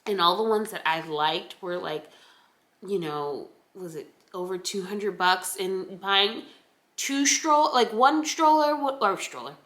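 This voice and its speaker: A young pregnant woman rambles casually to her camera, her voice bright and forward, at a middling pitch. She talks on with plenty of fillers and restarts. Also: unhurried. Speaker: vlogger. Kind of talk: casual chat.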